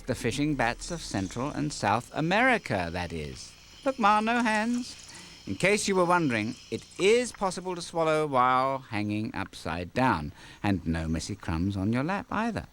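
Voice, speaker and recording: A man narrating a nature documentary for kids in a playful, jokey scripted style with wisecracking asides. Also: medium pitch. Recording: background music with crickets.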